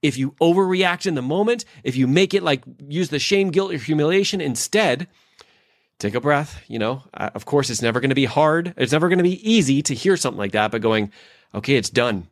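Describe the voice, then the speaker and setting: A man's voice: on the high side, fairly quick, no room sound, studio quality. A man co-hosting a podcast, telling a family story in a loose, casual way full of fillers and acting out the lines people say. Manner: animated storyteller who acts out quoted lines; loose, filler-heavy phrasing. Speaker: podcast co-host and leadership expert.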